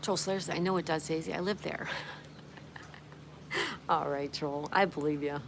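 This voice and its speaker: A woman with a fairly low voice hosts a relaxed livestream outdoors, reading viewer comments aloud and welcoming each one by name. Her friendly chatter sits over a steady hiss of outdoor background noise. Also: unhurried, gravelly. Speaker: livestream host.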